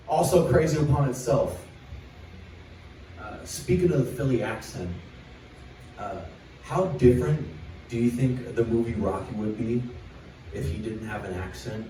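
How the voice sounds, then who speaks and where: A young man works through a loose, crude stand-up set on a small club stage, rambling and reading his jokes off a list. His voice sits at an ordinary middle pitch. The recording is very echoey and taken from across the room, with a faint hum of ambience behind him. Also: a little slow, pauses often, mellow, recorded from a distance. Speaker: stand-up comedian. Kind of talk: stand-up set at an open mic.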